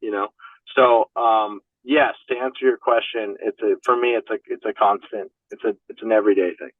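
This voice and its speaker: A man's voice: lowish voice, steady tone, moderate pace, breathy edge, dry recording. Profane man talking on a thin phone line. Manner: profane, filler-heavy, 'you know what I mean'. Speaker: podcast guest. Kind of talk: casual candid chat. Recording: dry, phone-like narrow sound.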